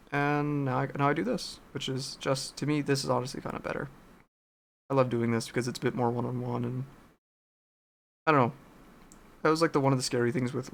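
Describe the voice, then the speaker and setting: A man's voice: medium pitch, vocal fry. A man chatting casually while painting a miniature, rambling, searching for words and swearing.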